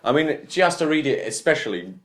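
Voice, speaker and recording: A man's voice: a little high, animated, a little fast, fairly bright tone. A young man co-hosting a casual podcast, chatting loosely and swearing freely. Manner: swearing, laid-back banter. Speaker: podcast co-host. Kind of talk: casual chat. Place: attic room.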